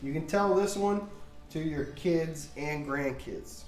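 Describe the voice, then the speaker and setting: A man's voice: a little high, takes it slowly. A man hosting a livestream, casually telling jokes and giggling through them, in a roomy space with faint music behind. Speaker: livestream host.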